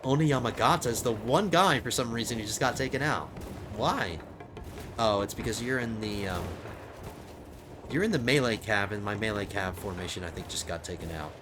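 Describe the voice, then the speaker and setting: Man, low voice, strained, casual game commentary, faint music behind. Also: animated, normal speed. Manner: thinking out loud while playing. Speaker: gaming channel host. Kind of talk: casual let's play commentary.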